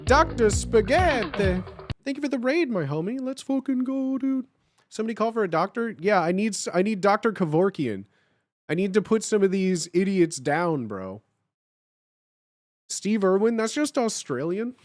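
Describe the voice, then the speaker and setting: A young man hosting a live stream with a high, lively voice that jumps all over the place. He chats casually with his viewers, swearing freely and breaking into laughs. The sound is close and dry. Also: moderate pace, dry recording, soft background music. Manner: animated, swears a lot, laughs often. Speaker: livestream host.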